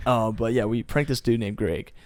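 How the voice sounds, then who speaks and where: A young man spins a long, rambling story in podcast chat. He leans on slang and filler, and the mid-pitched voice sounds dry and close, with no room around it. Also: normal speed, a little mellow, no room sound. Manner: rambling, slangy, says "bro" and "like" a lot. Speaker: podcast co-host, wrestler.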